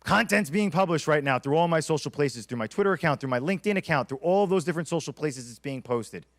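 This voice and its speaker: A man giving a conference keynote, energetic and storytelling, acting out quotes as he goes. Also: on the high side, quick pace. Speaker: keynote speaker.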